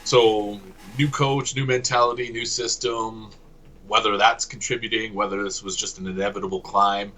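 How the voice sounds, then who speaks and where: A man's voice: lowish voice, fairly even intonation, moderate pace, bright, forceful tone, rough recording. A man from Canada co-hosting a casual sports podcast, talking analytically and correcting himself as he goes. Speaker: podcast co-host.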